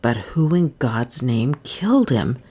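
A woman's voice: animated, moderate pace, a little mellow. A woman reading a guarded young man. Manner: low warning mutters.

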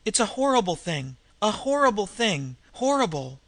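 A man voicing a sick, desperate woman criminal in disguise, who speaks in a hoarse, labored voice with slangy underworld talk. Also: high voice, very animated, moderate pace, a bit bright, no room sound, voice pushed up, full character voice.

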